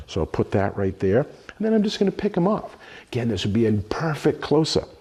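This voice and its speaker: A man's voice: mid-range voice, big pitch swings, brisk, a little mellow, husky. A middle-aged man giving a cooking demonstration lesson, explaining each step as he works with his hands. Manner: explanatory, talks through each step while working. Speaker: culinary instructor.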